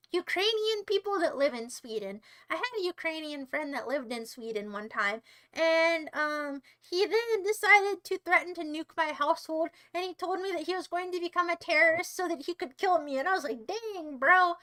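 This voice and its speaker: Woman streamer, very high and sharp, teasing banter to chat. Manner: playful, teasing, mock-sweet; rambling, chats to viewers by name. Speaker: livestreamer. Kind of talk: casual livestream chat.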